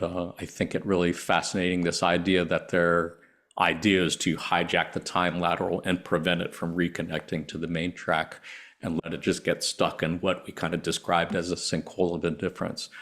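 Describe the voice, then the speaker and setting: A man's voice: low voice, creaky, a bit bright. A man hosting a podcast discussion, talking in a thoughtful, musing way. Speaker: podcast host.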